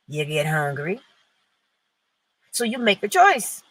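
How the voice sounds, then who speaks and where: A woman's voice: on the low side, big pitch swings, slow pace, no room sound, low-quality recording. A woman hosting an inspirational talk, speaking emphatically and posing rhetorical questions that she answers herself. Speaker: host.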